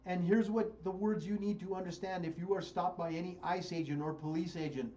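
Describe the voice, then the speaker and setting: In a lo-fi recording, a US radio host speaks with a high, warm voice, a little fast and with few pauses. His political commentary is fiery, and he repeats phrases to drive them home.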